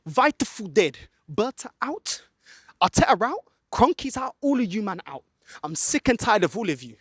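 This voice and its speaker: High-pitched ranting man. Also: sing-song, moderate pace, fairly bright tone, no room sound, studio quality. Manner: angry, ranting, slips into Portuguese. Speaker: football fan vlogger. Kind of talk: ranting fan reaction vlog. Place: outdoors in a car park. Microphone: camera held by a friend.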